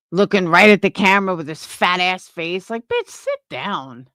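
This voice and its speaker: A woman's voice: lowish voice, sing-song, normal speed, few pauses, a bit bright, no echo, studio quality. A young woman streamer giving a profane, scornful reaction rant on a livestream. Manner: angry, profane, scornful ranting.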